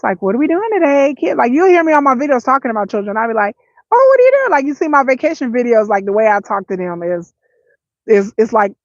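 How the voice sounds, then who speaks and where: A woman's voice: on the high side, gravelly, no echo, lo-fi sound. A middle-aged woman from the Detroit area talking candidly to camera, telling stories with many restarts and voiced asides. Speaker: vlogger. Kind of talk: casual talk to camera.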